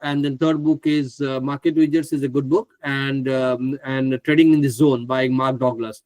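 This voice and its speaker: A chatty man runs a live online trading class, exclaiming and laughing as he goes. His voice is close and dry, with no room sound around it. He sits at a middle pitch for a man. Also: little pitch movement, moderate pace, darkish tone, no echo. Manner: stumbles over names, asks others to pronounce them. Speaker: trading course presenter.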